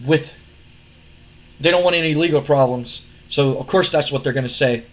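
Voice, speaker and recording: A man's voice: fairly high pitch, moderate pace, close to an everyday voice. A man voicing a paranoid male wrestler who talks nervously and defensively.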